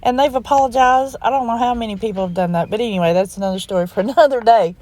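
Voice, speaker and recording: A woman's voice: on the high side, fast, darkish tone. A middle-aged woman chatting in a casual, folksy voice-over, rambling and heartfelt as she tells a family story. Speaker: crafting vlogger.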